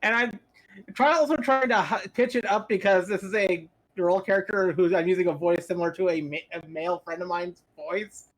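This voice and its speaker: A man chatting as a player in a tabletop game, pausing often to search for words. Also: sits high.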